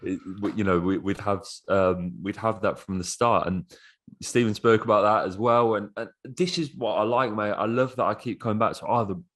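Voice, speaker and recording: A man co-hosting a casual football podcast, excitable and swearing freely. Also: lowish voice, moderate pace. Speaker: podcast co-host.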